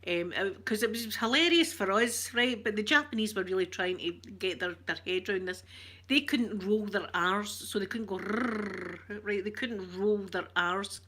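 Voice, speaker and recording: A woman's voice: medium pitch, moderate pace, bright, forceful tone. A woman with a Scottish accent chatting casually to her viewers, telling stories and laughing often. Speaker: ASMR streamer chatting with viewers. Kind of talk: casual chat.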